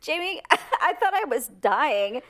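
A woman's voice: sits high, very animated, takes it slowly, fairly bright tone. A middle-aged woman co-hosting a podcast, telling a story in casual chat, laughing often and acting out her own lines. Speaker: podcast co-host.

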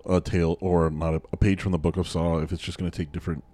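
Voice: low-pitched, level tone, fast talker, mellow, no echo. A podcast co-host in casual movie chat, mostly giving short agreeing replies.

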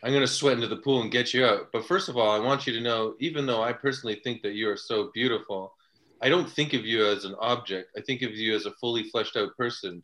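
A man's voice: medium pitch, fairly bright tone, close to an everyday voice. A man playing a crude, domineering man who barks profane orders in a comedy sketch. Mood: smarmy. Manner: blunt, profane, commanding.

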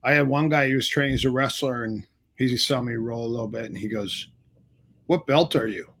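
Middle-aged man telling lively stories. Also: medium pitch, a little fast, breathy edge. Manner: animated storyteller acting out quoted dialogue. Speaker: martial arts instructor, guest. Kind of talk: casual storytelling interview.

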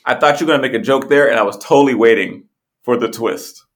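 A young man co-hosting a podcast, joking crudely, swearing and laughing easily. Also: medium pitch. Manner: animated, swearing, quick to laugh. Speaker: podcast co-host. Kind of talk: crude casual banter.

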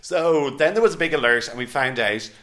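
A man co-hosting a podcast, chatting in an animated, casual way and swearing now and then. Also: mid-range voice, a little fast. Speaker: podcast co-host. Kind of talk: casual chat recapping a reality show.

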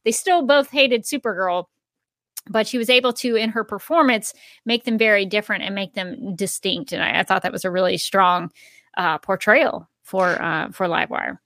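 Bright-voiced woman, podcast co-host. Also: mid-range voice, moderate pace, dry recording. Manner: laughs often, asks questions. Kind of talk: casual podcast chat.

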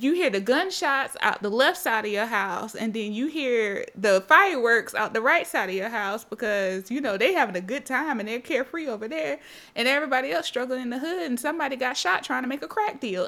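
A woman's voice: on the high side, animated, a little fast, bright, forceful tone. A woman on a podcast telling a personal story in casual chat, acting out her own reactions and swearing. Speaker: podcast co-host.

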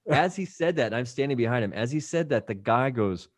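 A man's voice: medium pitch, fairly quick, no room sound, clean studio sound. A man on a podcast telling stories in casual chat, acting out voices and laughing as he goes. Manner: animated storyteller, acts out voices and laughs. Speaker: podcast host.

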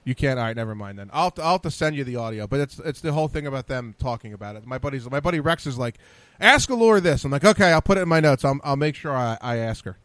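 Fast-talking male talk show host. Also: medium pitch, animated. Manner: quick, repeats words as he starts sentences. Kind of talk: casual interview chat.

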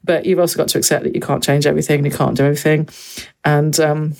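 Lively woman telling teaching stories. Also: deep voice, fast, vocal fry. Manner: animated storyteller, acts out quoted voices. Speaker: secondary school French teacher and parent. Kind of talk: casual podcast conversation. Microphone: video call.

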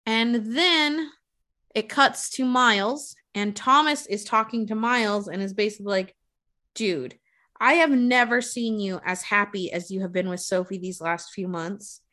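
A woman's voice: medium pitch, a little slow. A woman casually retelling a movie plot with frequent swearing, acting out the characters' lines. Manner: profane, animated retelling with quoted voices.

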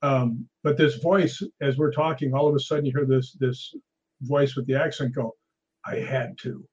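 A man, a guest ghost hunter, telling animated stories in a casual conversation. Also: mid-range voice, normal speed, slightly rough, dull audio. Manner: animated anecdotal storyteller.

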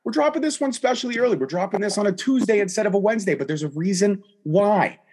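Animated, jokey male podcast host. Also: sits high, quick pace, slight background noise. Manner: animated, jokey, swears freely. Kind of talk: casual interview chat.

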